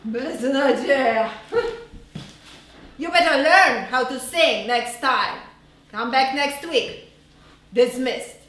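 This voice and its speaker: A woman voicing a harsh singing teacher who shouts and scolds, recorded live on a small theater stage. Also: high-pitched, slow pace, pauses often. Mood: scolding. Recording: live stage, roomy hall from far off.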